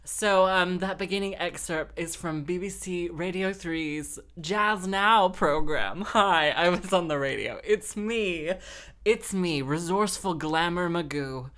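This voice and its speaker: Low-voiced tipsy woman rambling comically. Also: a bit bright. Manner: chatty, self-mocking, rambling with fillers. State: slightly tipsy. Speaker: podcast host and musician. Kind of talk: casual comedic monologue.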